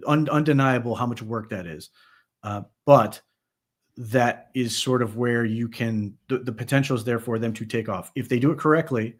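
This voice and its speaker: On a sports podcast, a male co-host delivers lively, chatty post-game analysis at a moderate pace and medium pitch, frequently starting his thoughts over.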